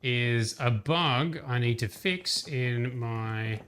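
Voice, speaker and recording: A man's voice: mid-range voice, takes it slowly, fairly bright tone. Man, game streamer, casual commentary, thinking aloud, faint background noise. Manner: chatty, thinking aloud while playing.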